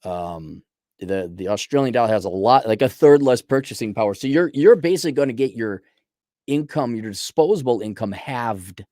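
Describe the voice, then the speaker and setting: A man's voice: medium pitch, lively intonation, normal speed, mellow, dry recording. Blunt, profane man ranting into a dry mic. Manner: blunt, profane, rambling, with many restarts. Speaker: host answering a viewer's letter. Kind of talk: casual ranting commentary.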